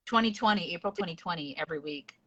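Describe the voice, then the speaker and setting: A woman's voice: on the low side, quick pace, fairly bright tone. Chatty woman host, dull lo-fi sound. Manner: chatty, giggly, rambling with many fillers. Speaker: podcast host. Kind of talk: casual video chat.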